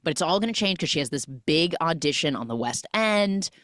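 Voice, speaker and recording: A woman with a low voice hosts a podcast and recaps a movie scene by scene. She talks casually and acts out the characters' lines as she goes. The sound is dry and close, with no room around it. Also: fairly quick, dry recording. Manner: animated storytelling, acts out quoted lines. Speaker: podcast host.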